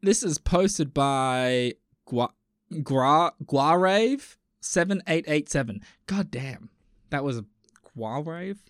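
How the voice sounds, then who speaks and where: A man streaming and reading online posts aloud, reacting with sudden loud exclamations and casual swearing. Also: a little high, lively intonation, slow pace, no echo, studio quality. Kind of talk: casual chat with commentary.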